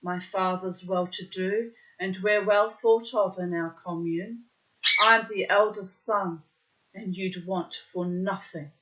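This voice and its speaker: An earnest young soldier pleads his case, read by a woman in her own narrating voice. The delivery is slow and bright with a forceful edge, and the recording sounds dull and lo-fi. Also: mid-range voice, steady tone.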